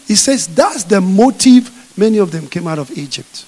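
High-voiced animated preacher man. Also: moderate pace, slightly rough. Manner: animated storytelling, acting out scenes. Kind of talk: sermon. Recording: echoey hall.

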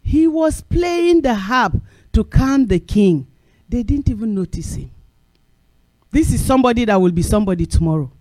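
High-voiced male preacher, dry sound. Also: moderate pace, no room sound. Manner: animated storytelling with acted quotes; repeats phrases for emphasis. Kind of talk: sermon.

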